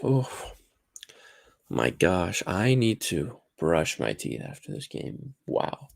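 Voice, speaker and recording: A man who has just woken up hosts a casual live stream from his desk. His voice is gravelly and dry-throated, and his pitch swings a lot. He rambles and sounds flustered, with a close, dry microphone sound. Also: sing-song, takes it slowly, dry recording. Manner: rambling, self-talking, flustered. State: groggy morning voice, dry throat. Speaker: livestream host. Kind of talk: casual live watch-along chat. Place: home room at a desk.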